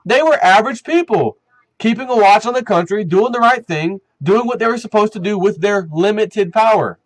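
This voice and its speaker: A man hosting his own commentary channel, giving a heated, animated opinion rant full of fillers and restarts. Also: high-pitched, moderate pace, dry recording, low-quality recording.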